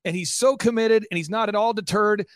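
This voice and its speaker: A man telling an excited testimony as an interview guest, fast and intense, acting out quotes as he goes. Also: high voice, no room sound, studio quality.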